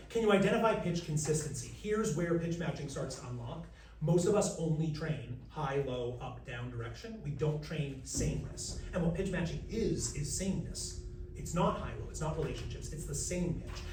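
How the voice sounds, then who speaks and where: An American man, a vocal coach, teaching a live workshop, joking with the room and demonstrating pitches and animal sounds. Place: large room with an audience. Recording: roomy, distant mic, faint noise.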